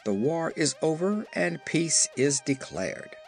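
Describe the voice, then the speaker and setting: A man's voice: fairly high pitch, very animated, takes it slowly, soft background music, voice pushed up, full character voice. A man voicing the jovial male chief of a cave people, speaking heartily. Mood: hearty.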